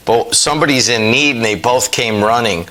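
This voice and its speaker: A man's voice: mid-range voice, normal speed, bright, forceful tone, rough recording. A middle-aged man hosting a local radio talk show, chatting easily with a Northwest Indiana accent, in a studio. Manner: easygoing, chatty, with many restarts. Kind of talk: casual radio chat. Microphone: studio microphone.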